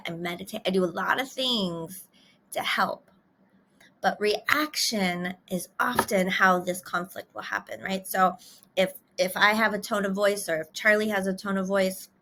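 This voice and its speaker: A woman's voice: medium pitch, vocal fry, bright, forceful tone, slight background noise. A middle-aged woman couples therapist talking casually and candidly to the camera, laughing between phrases.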